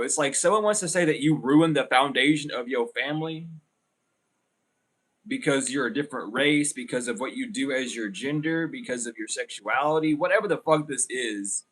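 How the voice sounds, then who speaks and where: Young male tarot reader, mid-pitched, blunt, profane, rambling delivery. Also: a bit bright, a little hiss or hum. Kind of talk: casual tarot reading.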